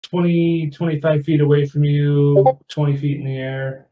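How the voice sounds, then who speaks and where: A man running an online tabletop game as game master, describing the scene slowly and haltingly. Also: fairly high pitch, fairly even intonation. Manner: slow and halting. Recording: dull lo-fi call audio.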